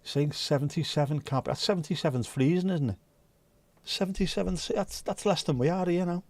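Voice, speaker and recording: A man's voice: fairly high pitch, fairly quick, a little mellow, no echo. Male stream host, rambling casual chatter with plenty of swearing, dry close sound. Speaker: livestream host. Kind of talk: casual chat reading viewer comments.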